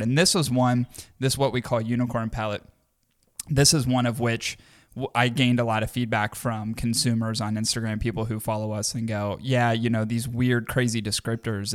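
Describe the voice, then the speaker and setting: Brief: male podcast co-host, mid pitch, rambling and earnest. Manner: rambling, many fillers and restarts, earnest. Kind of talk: casual chat.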